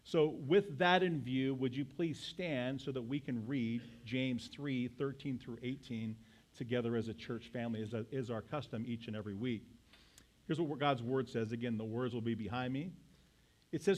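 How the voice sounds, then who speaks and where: A man's voice: medium pitch, moderate pace. A male pastor preaching a sermon to his congregation, emphatic and full of rhetorical questions.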